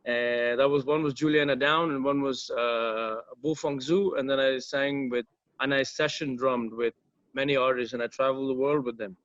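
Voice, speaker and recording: A man's voice: medium pitch, fairly even intonation, normal speed, a bit bright, dry recording. Guy rambling thru stories, lots of uhs and swearing, dry dull lo-fi audio. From South India. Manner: rambling, profane, many fillers and restarts. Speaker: musician guest. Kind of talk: casual storytelling interview.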